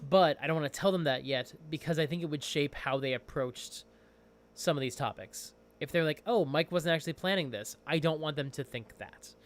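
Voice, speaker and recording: A man's voice: a little high, normal speed. Chatty man on a casual livestream. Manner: chatty, rambling, excitable. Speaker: streamer and game master.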